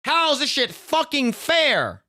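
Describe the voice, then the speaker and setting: A man's voice: extremely high pitch, huge pitch swings, measured pace, pushed and bright. A man streaming a reaction to a clip. He rants in a casual, profane way, often stammering and restarting his sentences.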